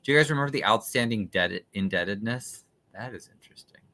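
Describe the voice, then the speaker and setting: A man with a low voice and a bright, forceful tone hosts a casual livestream from his computer. He talks in a skeptical, chatty way, full of fillers, as he reads through documents on screen. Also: lively intonation, quick pace. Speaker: livestream host.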